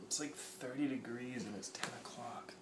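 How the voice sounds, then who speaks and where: A man's voice: mid-range voice, moderate pace. Man, casual vlog banter, joking, camera far off, very echoey room, noisy. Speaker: vlog co-host. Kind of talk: casual chat.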